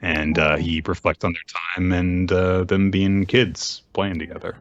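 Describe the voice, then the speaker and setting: A man's voice: sits low, flat delivery, a little slow, no echo, dull audio. A young adult man co-hosting a casual comic podcast, retelling a story wryly and swearing freely. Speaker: podcast co-host. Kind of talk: casual comic recap chat.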